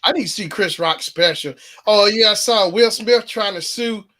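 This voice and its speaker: A man's voice: high voice, normal speed, sharp tone. A man hosting a casual live chat show, laughing often and humming bits of songs between remarks. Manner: laughs often, hums and sings snatches of songs. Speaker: show host.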